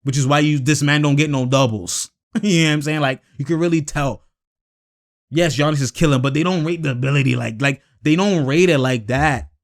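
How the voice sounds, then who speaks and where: A young man hosting casual basketball commentary on his own, talking in an animated, slangy, rambling way with lots of fillers. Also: fairly high pitch, brisk.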